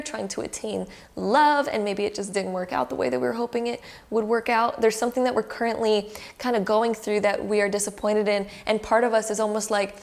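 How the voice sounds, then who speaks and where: Chatty young woman giving a tarot reading. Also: mid-range voice. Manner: chatty and effusive, heavy use of "like", emotional. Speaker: tarot reader. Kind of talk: casual pick-a-card tarot reading to camera. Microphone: camera close by.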